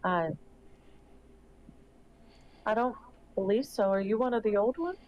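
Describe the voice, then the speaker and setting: A woman's voice: fairly high pitch, expressive, measured pace. A woman playing her character in a tabletop game, asking hesitant, curious questions. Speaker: player. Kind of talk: in-character tabletop role-play. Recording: dull lo-fi mic.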